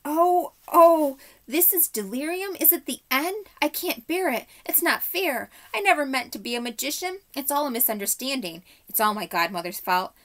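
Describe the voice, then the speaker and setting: A woman voicing a panicky old gentleman who stammers and wails in a trembling voice. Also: high voice, lively intonation, normal speed, hardly any pauses, voice pushed up. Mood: wailing. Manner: stammering, wailing.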